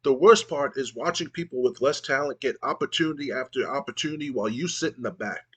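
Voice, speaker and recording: A resentful, brooding veteran wrestler airs his grievances, as a man reads him aloud. The voice sits somewhat higher than the reader's own and stays plain, with little real acting. It sounds like a game playthrough told in one voice. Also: quick pace, breathy edge, natural voice. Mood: bitter. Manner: resentful, self-pitying monologue.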